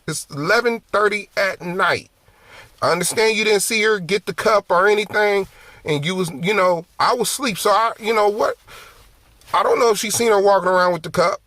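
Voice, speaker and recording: A man ministering through a personal testimony, telling it in an animated, conversational way and often repeating phrases. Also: sits high, no echo.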